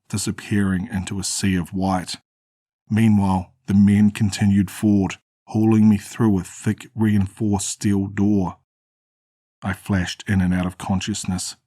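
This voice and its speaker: A man narrating a first-person horror story in a steady, grim way. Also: sits low, breathy edge, dry recording, clean studio sound.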